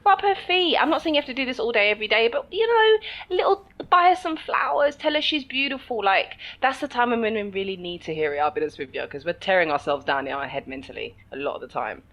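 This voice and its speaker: A woman's voice: medium pitch, fast talker, few pauses, a bit bright, low-quality recording. A woman co-hosting a podcast, chatting casually and animatedly, often laughing and acting out quoted voices. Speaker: podcast co-host. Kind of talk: casual chat.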